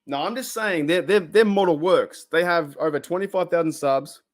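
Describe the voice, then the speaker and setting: Aussie guy hosting a live stream, kinda high voice, blunt, swears a lot, gets worked up. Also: normal speed. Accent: Australian. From Australia. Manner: blunt, heated, swears freely. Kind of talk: casual live stream chat.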